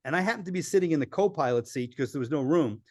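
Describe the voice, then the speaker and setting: A man telling lively travel stories as a podcast guest, acting out the people he quotes. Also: a little high, fast, no room sound, studio quality. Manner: animated storyteller acting out quoted voices. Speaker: filmmaker guest. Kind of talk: storytelling in a podcast interview.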